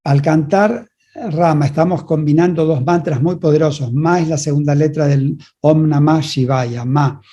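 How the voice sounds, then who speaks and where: Male interpreter, fairly high voice, mellow tone, short relayed phrases. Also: steady tone, moderate pace, breathy edge, dull audio. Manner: relays each passage in short phrases, restarting now and then. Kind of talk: consecutive interpretation of a spiritual talk.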